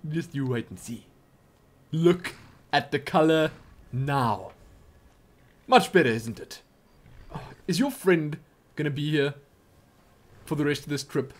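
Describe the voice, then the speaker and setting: A man giving excitable, chatty commentary over his game, often exclaiming and joking. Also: fairly high pitch, slow pace, long pauses. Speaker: let's play gamer. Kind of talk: live gameplay commentary.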